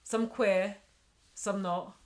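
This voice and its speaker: Woman co-host, medium voice, giggly, loose and chatty, trails off softly; podcast banter. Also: medium pitch, steady tone, extremely slow. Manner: chatty, giggly, many fillers and soft trailing asides. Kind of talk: casual chat.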